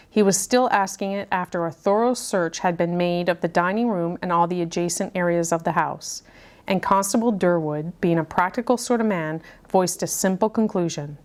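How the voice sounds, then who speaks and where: A woman's voice: on the low side, moderate pace. Woman reading a mystery story aloud. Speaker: puzzle channel host.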